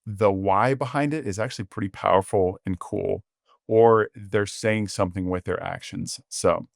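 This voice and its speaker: A man with a fairly low voice hosts a podcast in an eager, rambling style, with lots of fillers. The sound is dry and close, with no room around it. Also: moderate pace, gravelly, dry recording. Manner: enthusiastic, full of fillers; acts out quoted dialogue in animated voices. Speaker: podcast host. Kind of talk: casual podcast conversation.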